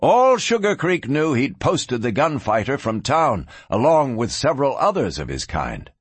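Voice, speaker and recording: A man reading a western audiobook aloud, his voice husky and lively, rising and falling as he tells the story. The sound is close and dry, with no room around it. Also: mid-range voice, moderate pace, no room sound. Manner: expressive, varied storytelling. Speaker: audiobook narrator. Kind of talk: scripted western audiobook narration.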